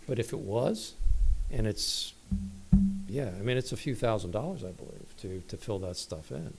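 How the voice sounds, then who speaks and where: A middle-aged man speaking as a resident at public comment in a council meeting, halting and upset, restarting often. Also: lowish voice, animated, gravelly, over loud music, low-quality recording.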